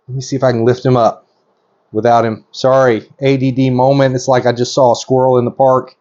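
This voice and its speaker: A middle-aged man hosting a vlog, giving hands-on commentary in an excitable, rambling way that keeps interrupting itself. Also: mid-range voice, brisk. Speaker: reptile breeder host. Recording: slightly dull lo-fi audio.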